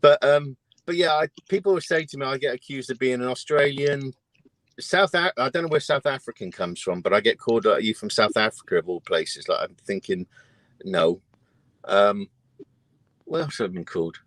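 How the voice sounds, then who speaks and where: A man's voice: mid-range voice, normal speed, a bit bright, no echo. A British man, a guest trucker, chatting casually and often laughing through his stories. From Britain. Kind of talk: casual chat.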